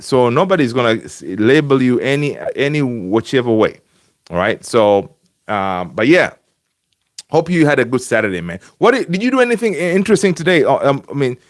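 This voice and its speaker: With a medium pitch and a fairly bright tone, a man hosts a casual fan stream from home, calling viewers by name and peppering his talk with fillers and restarts. His home webcam setup gives clean studio sound without any room sound.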